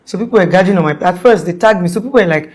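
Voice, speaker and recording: Low-voiced Nigerian woman telling her story. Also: racing, darkish tone. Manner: rambling and conversational, with frequent "like" fillers and restarts. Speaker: interviewee. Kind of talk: casual spoken account.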